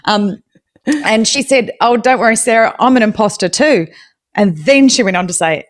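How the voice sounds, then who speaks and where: A young woman with a New Zealand accent, a podcast guest telling her story in a lively, self-deprecating way with frequent laughter. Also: fairly high pitch, normal speed. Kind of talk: live audio chat.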